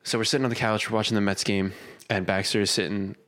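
A man's voice: lowish voice, fairly even intonation, fast talker, a bit bright. A young man in his twenties, co-hosting a casual comedy podcast and telling rambling stories full of quoted asides. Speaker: podcast co-host.

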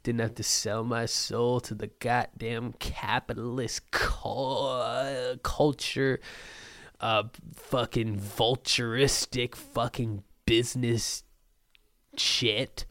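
Man, solo podcast host, unhurried delivery, loopy rambling, swearing, phlegmy throat. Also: mid-range voice, steady tone, fairly bright tone, no room sound. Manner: manic, profane, loopy. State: phlegmy throat after illness.

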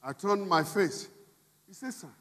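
A man preaching a sermon as a bishop, emphatic and shifting from quiet asides to shouted appeals. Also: sits high, animated, unhurried. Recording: long reverb in a large hall.

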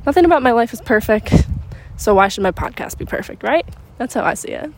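A young woman hosting a podcast, chatting excitedly while out on a walk, a little out of breath. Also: a little high, fairly quick. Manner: bubbly, rambling, excitable. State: slightly out of breath. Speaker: podcast host. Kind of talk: casual chat. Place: outdoors on a walk in a neighborhood, windy.

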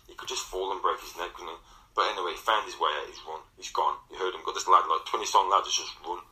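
A man with a Midlands English accent, telling an animated ghost story in casual chat, acting out other people's voices. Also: sits low, fast talker, low-quality recording. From England. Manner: animated, acts out voices and swears. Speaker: interviewee.

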